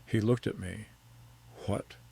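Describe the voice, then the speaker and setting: A middle-aged man narrating a first-person story. His voice is very low and gravelly. His delivery is calm, measured and precise.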